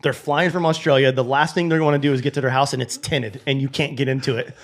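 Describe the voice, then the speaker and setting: A man co-hosting a podcast in casual chat, telling a prank story with excited jumps into high quoted voices. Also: fast. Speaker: podcast co-host. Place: podcast studio.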